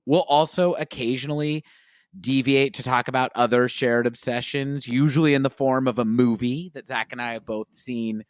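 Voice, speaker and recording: A man co-hosting a casual podcast, talking in an earnest, playful and animated way. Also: mid-range voice, moderate pace, clean tone, no room sound, clean studio sound. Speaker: podcast co-host.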